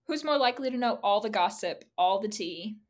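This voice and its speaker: A young woman co-hosting a podcast, chatting casually, telling animated stories and laughing often. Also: mid-range voice, brisk. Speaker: podcast co-host. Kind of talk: casual chat.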